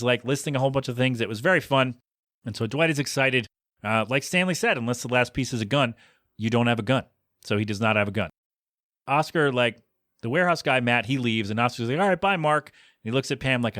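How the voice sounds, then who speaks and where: Animated male podcast host, dry sound. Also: medium pitch, no room sound. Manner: animated, acts out characters' quotes. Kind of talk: casual episode recap.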